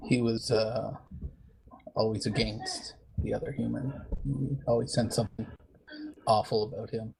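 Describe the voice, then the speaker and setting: A man playing a tabletop role-playing game, speaking in character and out of character in a hesitant, halting way. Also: medium pitch, fairly even intonation, vocal fry, a little mellow, slight background noise, low-quality recording. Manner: hesitant, halting speech with many pauses. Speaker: player. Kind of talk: casual in-character table talk.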